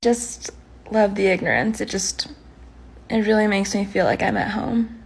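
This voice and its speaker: A woman's voice: mid-range voice, normal speed, gravelly. A woman from New Mexico speaking in a wry, exasperated way about her experiences. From New Mexico, USA. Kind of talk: casual storytelling.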